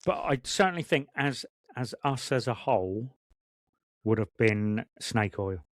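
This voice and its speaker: Excitable man on a podcast. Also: mid-range voice, a little slow, dry recording, studio quality. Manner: excited, rambling storyteller. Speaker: podcast co-host. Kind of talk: casual chat.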